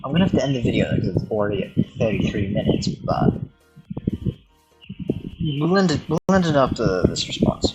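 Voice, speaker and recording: A man chatting casually as a YouTuber, excitable, laughing often and swearing. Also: medium pitch, fairly quick, long pauses, over loud music, rough recording. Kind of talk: casual commentary on chatbot chats.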